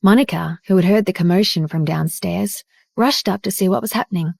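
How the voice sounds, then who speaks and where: A woman reading a romance audiobook in steady scripted narration. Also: medium pitch, gravelly, dry recording, studio quality.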